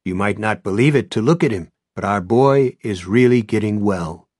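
Man doing a brisk, self-assured doctor. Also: lowish voice, lively intonation, darkish tone, no echo, clean studio sound.

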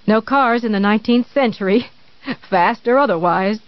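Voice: medium pitch, measured pace, dry recording, close to an everyday voice. Narrator doing an obsessive unstable woman, sweet and menacing, prim earnest audiobook tone, dry slightly dull recording. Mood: cloying. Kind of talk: audiobook reading.

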